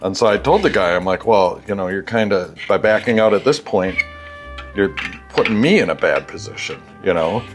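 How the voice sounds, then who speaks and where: Brief: very low-voiced male shop vlogger, stuffy nose, rambling candid storyteller. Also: expressive, normal speed, over music. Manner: rambling, candid, profane asides. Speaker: bike shop owner and vlogger. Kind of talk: casual storytelling while working on a bike. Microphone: wireless clip-on mic.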